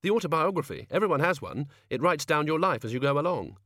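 A sharp, commanding young governess, as a male narrator puts her on, her voice raised well above his own and swinging lively through each order. The reading is close and dry, with no room sound. It is an audiobook character voice, crisp and impatient. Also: fairly high pitch, fast talker, dry recording, pitched above the performer's own voice. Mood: matter-of-fact.

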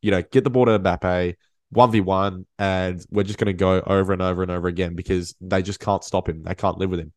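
A man hosting a casual sports podcast, talking in an animated way and often repeating and restarting his words. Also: low-pitched, brisk, dry recording. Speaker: podcast host. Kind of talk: casual chat.

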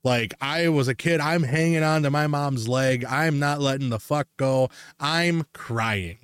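A man's voice: medium pitch, measured pace, clear, resonant tone, dry recording, clean studio sound. A man hosting a podcast, telling stories in a rambling, profane way and laughing often. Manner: rambling storyteller, swears freely and laughs a lot. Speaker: podcast host. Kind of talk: casual chat.

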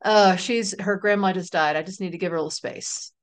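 A woman's voice: on the low side, brisk, clean tone. Middle-aged woman author telling stories. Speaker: author and guest. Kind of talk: casual interview chat.

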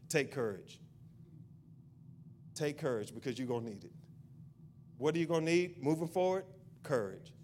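A man's voice: mid-range voice, expressive, normal speed, long pauses, darkish tone, slight background noise. A male pastor preaching a sermon in a church. He repeats his point insistently and builds into a fervent prayer.

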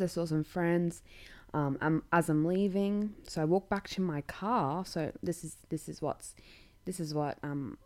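Young Australian woman hosting a podcast; low, mellow voice, blunt sweary storyteller who laughs mid-sentence. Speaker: podcast host. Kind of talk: casual comedic storytelling.

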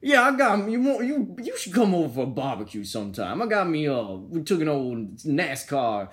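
A man's voice: mid-range voice, very animated, moderate pace, fairly bright tone. A man voicing a stubborn, folksy rural Southern dad in a comedy podcast bit, with an exaggerated put-on drawl. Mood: folksy boasting.

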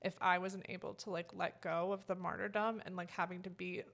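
A woman's voice: fairly low pitch, little pitch movement, fairly quick, vocal fry, a bit bright. A woman co-hosting a podcast, talking in a casual, emotional way and rambling with many fillers. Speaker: podcast co-host. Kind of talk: casual heartfelt chat.

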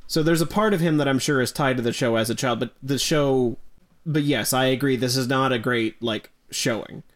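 A woman co-hosting a podcast in casual chat, measured, explaining and qualifying her points. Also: a bass voice. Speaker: podcast co-host.

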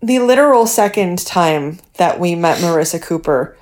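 A woman's voice: fairly low pitch, animated, moderate pace, a little mellow. A woman co-hosting a podcast, chatting casually about a TV episode with dry, blunt remarks and casual swearing. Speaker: podcast co-host. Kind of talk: casual chat recapping a TV show.

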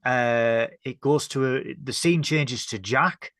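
A man from northern England recaps a TV episode, scene by scene, in a casual review chat. He hesitates and corrects himself often as he talks. His mid-pitched voice sounds dry and close, with no room around it. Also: slow pace, a bit bright, dry recording. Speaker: podcast co-host.

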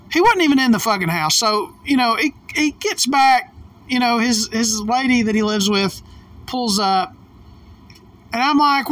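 A woman's voice: on the high side, fairly bright tone, no room sound, distant mic. A woman telling a story in a casual, emphatic way, swearing often and getting worked up. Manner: profane, emphatic, heated. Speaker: vlogger.

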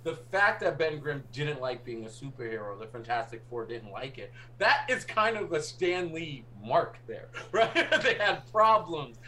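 A man's voice: a little high, animated, moderate pace, hardly any pauses, sharp tone, a little hiss or hum. A man co-hosting a casual podcast chat, enthusiastic and laughing often. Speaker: podcast co-host.

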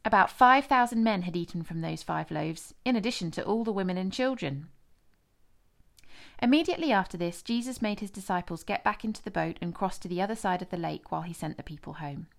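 A woman narrating a scripture passage in a measured, expressive reading. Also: on the low side, creaky. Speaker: scripture reader.

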